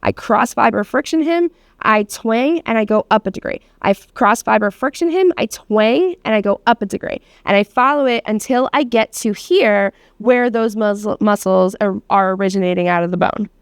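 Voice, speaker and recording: A woman's voice: mid-range voice, moderate pace, few pauses, clear, resonant tone, no room sound, studio quality. A woman teaching a hands-on massage therapy class, talking casually with lots of fillers and the odd swear word. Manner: casual, chatty, many fillers and laughs, swears.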